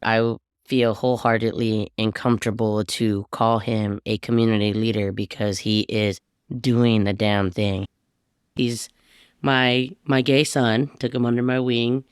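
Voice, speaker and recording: Man, podcast host, affirming, smooth resonant voice, dry close recording. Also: medium pitch, no room sound. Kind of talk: podcast conversation.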